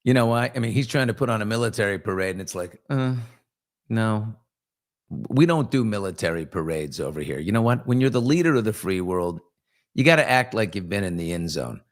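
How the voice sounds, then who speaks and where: A man's voice: fairly low pitch, expressive, brisk. A man hosting a casual live talk show, joking around and rambling with asides to his crew. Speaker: host.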